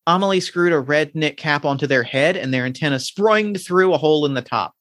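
A man hosting a tabletop game podcast, reading narration and chatting in a gushing, excitable way that trips over words. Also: on the high side, a little fast, no room sound, clean studio sound. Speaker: game master and podcast host. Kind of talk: scripted narration and casual chat.

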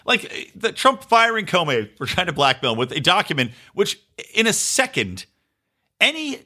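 Animated, sarcastic male podcast host. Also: high voice, normal speed. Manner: sarcastic, ranting, swears freely. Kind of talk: political commentary monologue.

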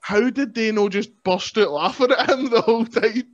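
A man's voice: extremely high pitch, moderate pace, lo-fi sound. A man, a pro wrestler guesting on a podcast, chatting casually in a playful, self-mocking way and laughing often.

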